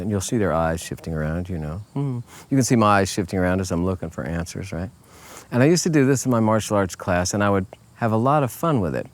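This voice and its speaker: A man giving a casual motivational talk as a life coach, relaxed and folksy, often checking in with "okay?" and jumping his pitch up when he acts out other people's lines. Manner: relaxed, folksy, peppered with "okay?" and "you know"; acts out quoted voices in a higher pitch.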